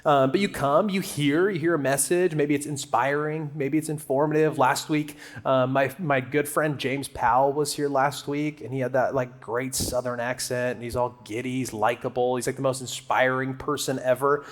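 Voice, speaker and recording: A man preaching a conversational sermon to a church crowd, animated and joking as he talks to them. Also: medium pitch, normal speed, few pauses. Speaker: guest preacher. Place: church auditorium.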